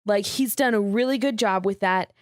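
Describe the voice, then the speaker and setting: Woman, casual podcast co-host, quick interjections, dry close sound. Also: medium pitch, no echo. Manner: short agreeing interjections, casual, uses 'like'. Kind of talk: casual chat.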